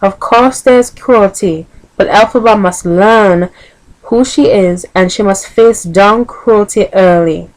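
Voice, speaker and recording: A woman's voice: mid-range voice, takes it slowly, natural voice, poor audio. A woman with a Vincentian accent voicing a fierce, stubborn old nanny while reading a book aloud. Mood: stern.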